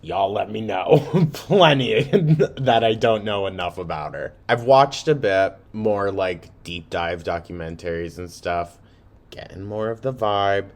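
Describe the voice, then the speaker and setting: A man's voice: on the low side, animated, a little slow. A man hosting a reaction video, talking casually, swearing and laughing often as he comments.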